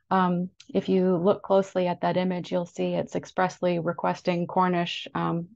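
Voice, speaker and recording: A woman presents slides at a seminar in a low, flat voice with a gravelly edge. She talks haltingly, full of ums and restarts. The sound is a dull, dry video-call recording. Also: dry recording. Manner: hesitant, many ums and restarts. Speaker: national park historian presenting at a seminar. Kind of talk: slide-based seminar talk.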